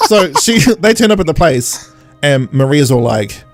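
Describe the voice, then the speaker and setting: Jokey higher-voiced man, dry recording. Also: very animated, moderate pace, no echo, soft background music. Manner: jokey, acts out characters in silly voices, laughs often. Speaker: podcast co-host. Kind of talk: casual chat recapping an episode.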